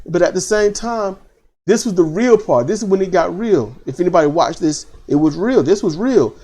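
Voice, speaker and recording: A man hosting a casual wrestling commentary, animated and opinionated, repeating phrases for emphasis. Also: high voice, moderate pace, slightly rough. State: choked up.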